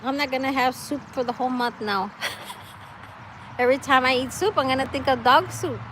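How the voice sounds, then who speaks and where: A woman's voice: high voice, normal speed, a bit bright, a little hiss or hum, rough recording. A woman chatting casually outdoors with her live-stream viewers, laughing often and reading out their comments. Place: outdoors, wind and trees nearby.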